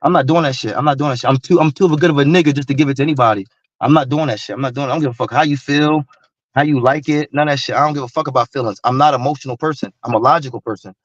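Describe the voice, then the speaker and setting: A man's voice: medium pitch, racing, no echo, highs cut off. A man speaking bluntly and heatedly in casual chat, repeating himself for emphasis. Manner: blunt, repetitive, animated street talk.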